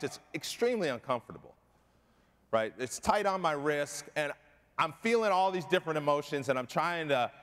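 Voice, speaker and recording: A man's voice: a little high, a bit bright. A middle-aged man giving a keynote talk, telling a personal story with emphasis and often asking the audience "right?". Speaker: keynote speaker. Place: large conference hall. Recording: long hall reverb.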